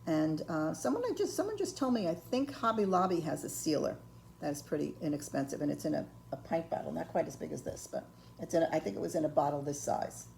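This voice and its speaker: An older woman giving a patient, step-by-step ceramics painting lesson, filling pauses with ums and okays. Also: low-pitched, animated, creaky, a little mellow, a little hiss or hum. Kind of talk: step-by-step craft tutorial.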